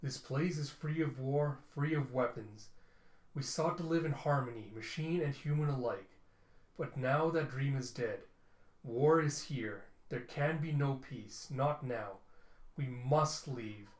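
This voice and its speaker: A man voicing a weary robot scientist who speaks calmly and solemnly, in a roomy space. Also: medium pitch, natural voice. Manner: calm, measured, solemn. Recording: roomy echo.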